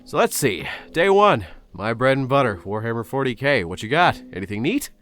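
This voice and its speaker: A young man in casual commentary mode, sarcastic and easily excited, swearing freely. His pitch leaps and dips animatedly as he talks, and faint music plays underneath. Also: moderate pace. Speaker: YouTube host reacting to announcements.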